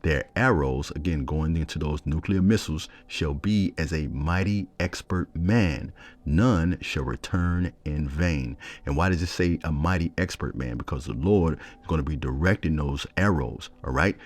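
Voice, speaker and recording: A man teaching from scripture, reading verses slowly and breaking in with his own commentary and questions. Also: rumbling low. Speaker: bible teacher.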